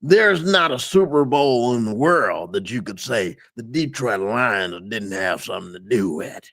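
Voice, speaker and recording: A man's voice: medium pitch, animated, unhurried, creaky, fairly bright tone, voice pushed down, full character voice. A man voicing a boastful, clueless grown football fan in a put-on American Southern drawl, brash and mangling the facts.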